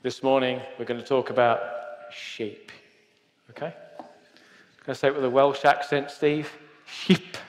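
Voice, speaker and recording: A man delivers a sermon in a church hall, chatting and joking with the congregation. His mid-range voice is brisk with fairly even intonation. Long hall reverb fills the recording.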